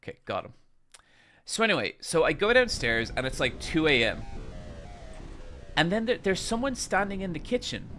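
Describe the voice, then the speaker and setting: A man streamer telling a long anecdote to his chat, animated and casually swearing as he rambles. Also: fairly high pitch, moderate pace, long pauses, soft background music.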